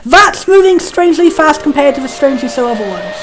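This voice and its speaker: Fast-talking woman commenting on a game. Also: sits high, big pitch swings. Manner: chatty, comparing versions, swears casually. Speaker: let's play host. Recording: game music behind.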